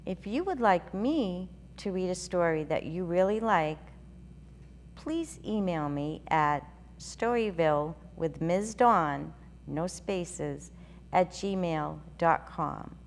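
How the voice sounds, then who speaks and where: A woman hosting a children's story show, reading a storybook aloud in a gentle, sing-song way. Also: fairly low pitch, lively intonation, takes it slowly. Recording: reverberant room with faint hum.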